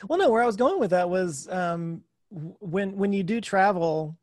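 A man's voice: high-pitched, expressive, normal speed, a little mellow, dry recording, studio quality. A man interviewing a guest in casual chat, mostly brief encouraging replies.

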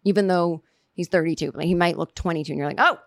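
A woman hosting a podcast, telling a comedic story in a rambling, animated way and voicing her own asides. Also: on the low side, fast, gravelly, no echo, clean studio sound. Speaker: podcast host. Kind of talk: comedic monologue.

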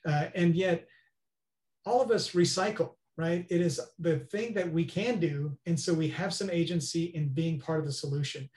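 A man's voice: fairly high pitch, normal speed, darkish tone. Earnest man explaining, roomy sound. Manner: earnest, explanatory, often asks "right?". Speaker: guest expert. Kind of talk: interview conversation. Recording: roomy echo.

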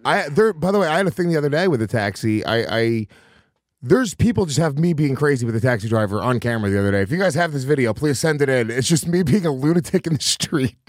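A man's voice: medium pitch, animated, fast talker, dry recording. A man who is a comedian and co-host, ranting bluntly and profanely in a casual chat.

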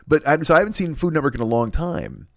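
A man's voice: a little high, wildly swooping pitch, quick pace, gravelly, no echo, studio quality. A man hosting a comedy podcast, ranting in a rambling, profane way with many restarts and sudden jumps in energy. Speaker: podcast host.

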